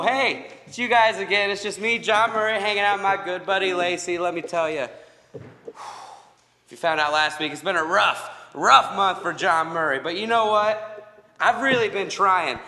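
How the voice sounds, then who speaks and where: A man cutting a comic backstage wrestling promo, boastful and rambling, prone to shouting fits. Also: high-pitched, reverberant, long reverb tail.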